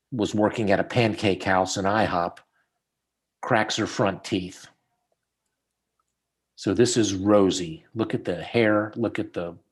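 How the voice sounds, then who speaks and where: A middle-aged man, a dentist, walking a student through cases in casual teaching chat over a video call, telling stories as he goes. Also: fairly low pitch. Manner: storytelling, animated when quoting people.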